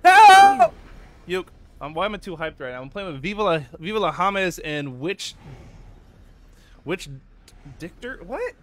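Brief: young male game streamer, high, sharp tone, rambling and profane, faint music behind. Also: normal speed, pauses often. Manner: rambling, profane, greets chat by name. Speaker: gaming streamer. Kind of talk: casual live-stream chat while gaming.

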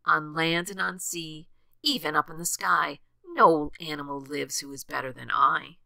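A woman's voice: deep voice, fairly even intonation, measured pace, gravelly, bright, forceful tone, no room sound, heavily acted. A woman voicing a boastful young male rabbit who brags about himself. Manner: bragging, puffed-up.

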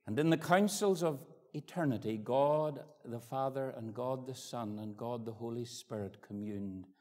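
A Northern Irish man in his fifties preaching an evangelistic sermon, swinging from ringing pleas to hushed near-whispers. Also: medium pitch. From Northern Ireland. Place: church hall. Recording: echoey hall with long reverb.

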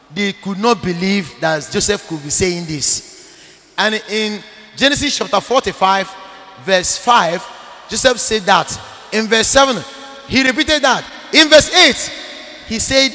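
Male priest, sermon; forceful, bright tone, insistent repetition, reverberant hall sound. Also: sits high, animated, measured pace. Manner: emphatic preaching with sudden loud bursts; repeats phrases for emphasis. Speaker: Catholic priest.

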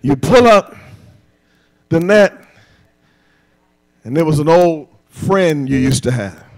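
A man preaching a sermon live in church, getting the congregation to repeat after him and swinging from quiet talk up to shouting. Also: expressive, slow pace, poor audio. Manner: builds to shouting peaks, then drops low. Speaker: pastor. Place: church sanctuary, recorded live.

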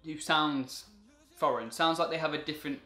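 A man's voice: fairly high pitch, moderate pace, pushed and bright, faint music behind. A young man from England with an English accent, hosting a casual, jokey chat. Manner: chatty and jokey, with playful put-on quotes. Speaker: host. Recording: echoey room.

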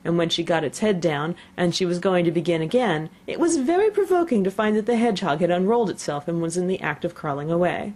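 A woman narrating a children's storybook in an expressive, playful reading voice. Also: on the low side, fast talker, few pauses.

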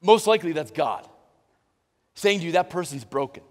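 A man preaching a sermon as pastor, animated, stumbling and restarting often, and acting out little dialogues. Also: a little high, normal speed. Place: church sanctuary. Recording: reverberant church hall.

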